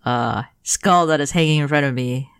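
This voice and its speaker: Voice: mid-range voice, moderate pace, fairly bright tone, smooth, dry recording, studio quality. A player in a casual tabletop game who is playful and laughs often.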